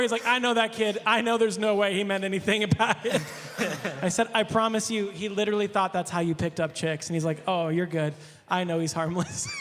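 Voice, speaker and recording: A male pastor telling a casual anecdote, animated, laughing often and acting out the quotes. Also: sits high, long reverb tail.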